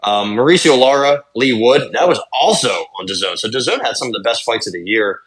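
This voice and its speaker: A young adult man co-hosting a podcast, recapping fights in casual chat, talking fast and swearing. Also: medium pitch, lively intonation, a bit bright. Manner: rapid, swearing fight recaps with lots of fillers. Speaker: podcast co-host.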